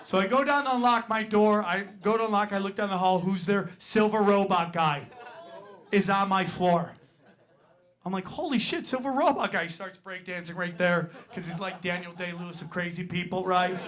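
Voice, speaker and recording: A man's voice: high-pitched, steady tone, moderate pace, fairly bright tone. A male stand-up comedian telling a crude, brash story to a live audience in a comedy club.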